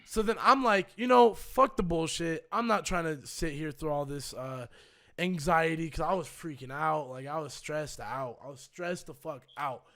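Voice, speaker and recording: A man's voice: a little high, moderate pace, sharp tone. A young man in his twenties, a streamer casually telling a story with lots of swearing and acting out both sides of the phone calls.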